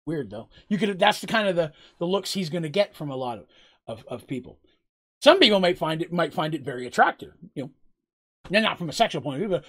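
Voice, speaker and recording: Game master guy rambling thru his world lore, lots of ums, laughs a lot, kinda high voice. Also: sing-song, brisk. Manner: rambling, heavy on fillers, laughs often. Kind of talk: casual tabletop storytelling and Q&A.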